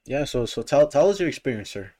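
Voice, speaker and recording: A man co-hosting a podcast in casual chat, with quick, excitable banter. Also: mid-range voice, crowd noise. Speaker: podcast co-host.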